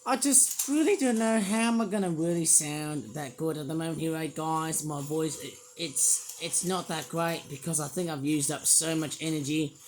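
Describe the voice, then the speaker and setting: A man with a sore, hoarse throat, rambling through a casual toy review vlog from a quiet room at home. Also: on the high side, moderate pace, hardly any pauses, a little hiss or hum. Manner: rambling, repeats fillers and restarts.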